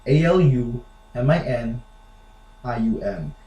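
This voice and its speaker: A man's voice: medium pitch, lively intonation, slow pace, mellow, highs cut off. An American man chatting casually to the camera, rambling with lots of fillers. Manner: rambling, with lots of "like" and "you know". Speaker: vlogger. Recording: echoey room.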